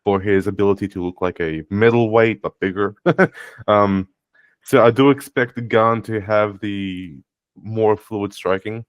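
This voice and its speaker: A man with a deep voice talks in a casual podcast chat, with a delivery he calls monotone himself. He restarts phrases, stumbles over words and drops the odd swear word. The sound is close and dry. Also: unhurried, no room sound. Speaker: podcast co-host.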